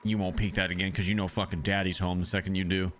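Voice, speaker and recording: A man's voice: deep voice, level tone, quick pace, a little hiss or hum. A man streaming a shooter game, ranting and trash-talking with heavy profanity. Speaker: gaming streamer. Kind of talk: live gameplay commentary.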